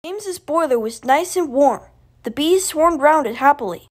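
A woman narrating a storybook with an expressive reading. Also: high-pitched, normal speed. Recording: music playing behind. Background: music.

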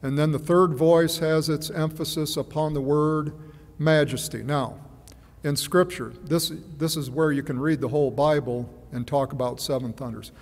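A man's voice: on the high side, steady tone. Man preaching in a reverberant church. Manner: measured, musing, hesitant with fillers and repeats. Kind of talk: sermon.

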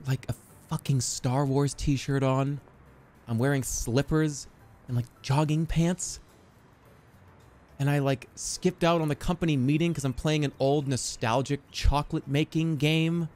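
A man streaming a game, talking in an excitable, joking, profane way. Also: medium pitch, normal speed, pauses often. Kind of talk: casual gameplay commentary.

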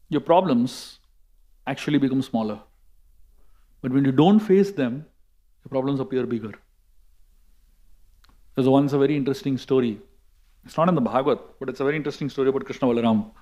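A man with an Indian English accent giving a sermon, telling a story in a lively way with emphatic repetition. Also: mid-range voice, brisk, pauses often. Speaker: monk and speaker.

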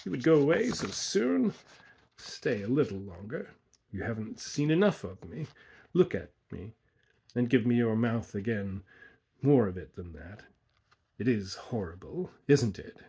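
A man reading a horror story aloud, voicing a blinded, disfigured man who speaks in a quiet, menacing, coaxing voice. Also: medium pitch, very animated, a little slow, vocal fry, breathy edge, full character voice. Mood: cruel taunting.

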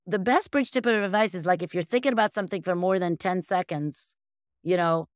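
A woman's voice: on the low side, fairly quick, no echo, studio quality. A woman from the United States, a guest on an interview show, answering casually and rambling with lots of fillers and restarts. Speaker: guest, bridge champion.

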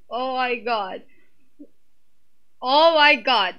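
A young woman with a bright, tense edge to her voice. She reacts at a slow, drawn-out pace, gushing, exclaiming and cursing as she hosts her own reaction commentary. Her pitch sits a little high. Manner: gushing, exclaims and swears often. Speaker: reaction video host.

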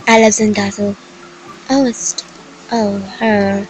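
A young woman commenting on her game with excited exclamations and slightly broken phrasing. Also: medium pitch, slow pace, vocal fry, over music, poor audio. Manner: gushing, exclaims often, slightly broken non-native phrasing. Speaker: gaming video creator.

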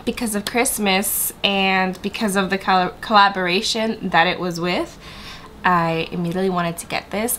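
A woman's voice: fairly low pitch, a bit bright. Chatty makeup vlogger lady, stuffy nose, talking to camera, faint hiss behind. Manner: bubbly and chatty, addressing viewers directly. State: stuffy, congested. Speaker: beauty vlogger. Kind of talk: casual sit-down makeup review.

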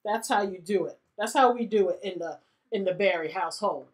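A woman giving casual let's-play commentary on a life-sim game, laughing often and briefly voicing the characters. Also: mid-range voice. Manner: giggly, animated, voices characters in quick asides. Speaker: gaming YouTuber.

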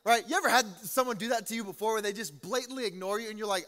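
A man preaching a sermon, telling stories with animated, acted-out quotes and frequent laughs. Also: high voice, fast talker, hardly any pauses. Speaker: pastor. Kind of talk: sermon storytelling. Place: large church hall. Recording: echoey hall.

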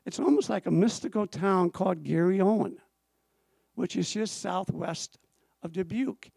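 A man's voice: high voice, moderate pace, creaky, darkish tone, breathy edge, no room sound. A middle-aged man, an author and storyteller, giving an emphatic live history talk to an audience and repeating phrases for effect.

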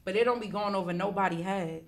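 A woman's voice: medium pitch, quick pace. A woman chatting as a laid-back podcast guest, laughing easily. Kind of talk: casual podcast chat.

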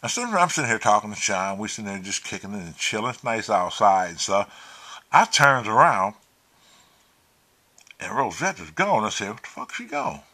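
A man telling a profane, animated story, acting out the quotes. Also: on the low side, normal speed. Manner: animated, swears freely, acts out quotes. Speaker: vlogger.

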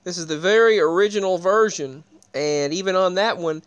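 A man with a fairly high, smooth and clear voice chats casually to his viewers. He rambles and restarts his sentences as he points them to things on the screen. The sound is close and dry, with no room echo. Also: moderate pace, few pauses, fairly bright tone. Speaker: video creator. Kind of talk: casual talk to camera.

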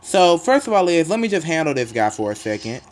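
A man giving live gameplay commentary in a jokey, excitable way, bursting into loud outbursts and then muttering low. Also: a little fast, a little hiss or hum. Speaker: gaming commentator.

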